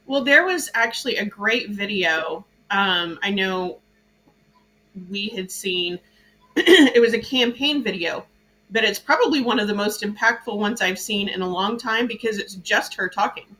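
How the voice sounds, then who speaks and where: Bright-voiced woman hosting a talk show. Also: mid-range voice, a little slow, poor audio. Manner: animated, chatty, laughs at her own jokes. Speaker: podcast host. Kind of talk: casual political chat.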